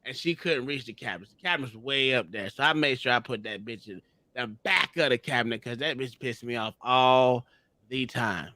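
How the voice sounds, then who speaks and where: A man hosting a casual podcast, telling profane stories loudly and laughing through them. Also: medium pitch, normal speed, noisy background. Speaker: podcast host. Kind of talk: casual crude storytelling.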